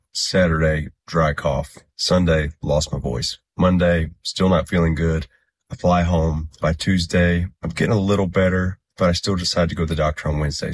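A man's voice: rumbling low, a little hiss or hum. A man recovering from an illness gives a personal update, telling the story in a weary, matter-of-fact way.

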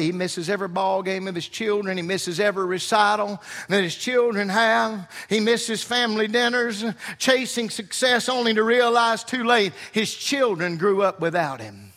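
Male preacher, very high and sharp voice, impassioned delivery, echoing through a big hall. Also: normal speed, few pauses. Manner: fervent, shouting, with sudden soft drops. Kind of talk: impassioned sermon. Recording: long reverb of a large hall.

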